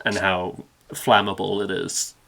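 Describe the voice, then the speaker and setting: A man co-hosting a podcast in casual chat, animated and laughing often, teasing himself. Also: low-pitched, unhurried, creaky, a little hiss or hum. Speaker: podcast co-host.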